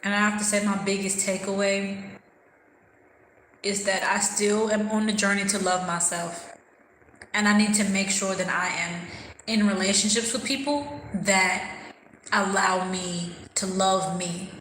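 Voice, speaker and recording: A woman's voice: medium pitch, steady tone, measured pace, fairly bright tone, echoey room, slight background noise, rough recording. A woman hosting a casual livestream, talking candidly and thoughtfully while she eats and answers viewers' comments. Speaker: livestream host.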